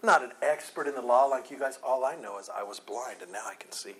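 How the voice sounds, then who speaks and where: A man's voice: mid-range voice, quick pace. A man teaching a Bible chapter verse by verse in a conversational way, acting out the speakers' lines with sarcasm and laughter. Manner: conversational, animated, acts out voices with sarcasm and laughs.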